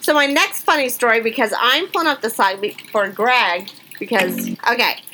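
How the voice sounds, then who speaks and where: A woman co-hosts a casual podcast, reading out funny news stories and reacting with quick exclamations. Her voice is bright and sits a little high, with a faint hiss in the background. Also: rough recording. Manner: chatty, animated, reacts with exclamations. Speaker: podcast co-host.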